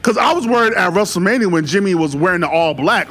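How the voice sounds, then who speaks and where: Excitable man casually reviewing wrestling. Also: sits high, quick pace. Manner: excitable, animated, frequent fillers and slang. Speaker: wrestling commentary YouTuber. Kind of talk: casual solo review chat.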